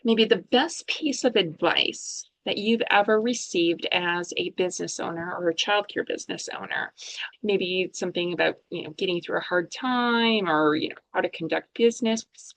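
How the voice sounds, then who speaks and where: A woman's voice: on the low side, moderate pace, fairly bright tone, low-quality recording. Encouraging woman podcast host. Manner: encouraging, wraps up with a promo. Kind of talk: conversational interview.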